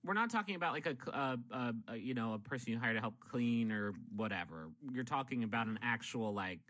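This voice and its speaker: An American man on a comedy podcast with a bright, forward voice. His pitch moves around a lot as he jokes. He is always ready to jump in and riff. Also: animated. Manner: jokey, quick to riff. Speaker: podcast co-host.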